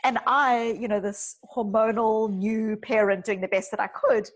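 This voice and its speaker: A woman's voice: a little high, steady tone, unhurried, low-quality recording. A woman psychologist talking earnestly on a podcast, telling personal stories with emphatic lists. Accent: South African. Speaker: psychologist guest. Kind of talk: podcast conversation.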